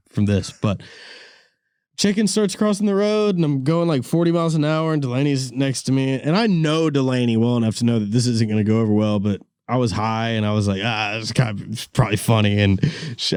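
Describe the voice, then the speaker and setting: A young man hosting a podcast, telling stories in a casual, animated way with lots of laughter and sudden high-pitched bits. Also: smooth, no echo, studio quality. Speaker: podcast host. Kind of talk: casual storytelling chat.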